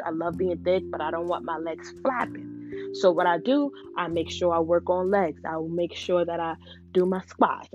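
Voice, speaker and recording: A woman talking frankly and casually to her viewers, often saying "you know". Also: fairly low pitch. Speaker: vlogger. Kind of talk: casual talk to camera. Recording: dull lo-fi sound. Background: guitar music playing.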